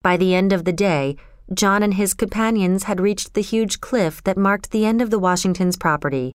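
Smooth measured woman narrator. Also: mid-range voice, no room sound, clean studio sound. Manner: measured, even storytelling. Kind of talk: scripted audiobook narration.

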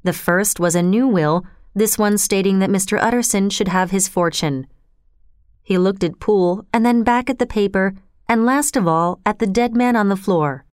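Woman storyteller, smooth resonant voice, dry close sound, steady reading. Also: medium pitch, moderate pace, no echo. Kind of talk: scripted narration.

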